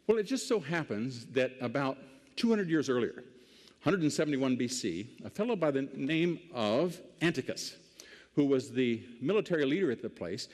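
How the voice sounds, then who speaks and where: A man's voice: medium pitch, darkish tone, in a large hall. A man preaching a sermon, retelling Bible stories in a folksy, joking way with everyday slang. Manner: folksy and humorous, retells scripture in modern slang. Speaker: preacher, former congressman.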